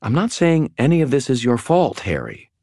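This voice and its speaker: A sharp, insistent young woman who presses her point hard, as a male narrator raises his voice to play her. Her tone is urgent and keeps climbing. It sits far higher than the reader's own deep voice. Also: wildly swooping pitch, moderate pace, no room sound, clean studio sound.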